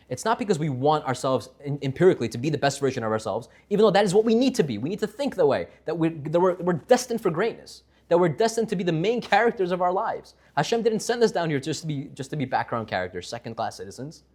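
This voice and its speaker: A man giving a Torah class, telling a story with lively voices for its characters. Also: a little high, husky.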